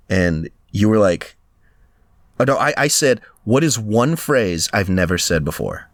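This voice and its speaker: A man co-hosting a casual podcast chat, animated, laughing often and slipping into mock voices. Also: on the low side, takes it slowly, creaky, pauses often, dry recording, studio quality. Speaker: podcast co-host.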